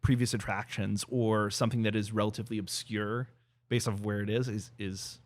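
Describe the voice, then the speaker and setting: A man's voice: lowish voice, level tone, a little fast. A man co-hosting a podcast in easygoing casual chat, often stopping to search for words. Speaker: podcast co-host.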